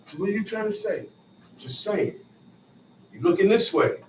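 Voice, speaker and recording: A man's voice: on the high side, normal speed. A man explaining scripture verses in casual street slang, paraphrasing and repeating lines as he teaches. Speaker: bible teacher. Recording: roomy echo, far from mic, faint noise.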